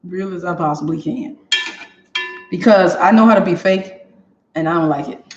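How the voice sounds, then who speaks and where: A woman's voice: on the low side, normal speed, darkish tone, slight background noise. A woman hosting a live cooking demo from her kitchen, talking straight to viewers and laughing often. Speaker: cooking show host. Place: home kitchen. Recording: echoey kitchen, dull lo-fi sound.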